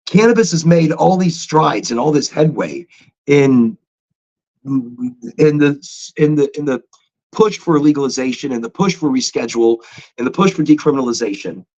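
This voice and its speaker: A man hosting a casual livestream chat, talking in an animated, rambling way with chatty asides. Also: on the high side, creaky. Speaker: livestream host. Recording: dull lo-fi stream audio.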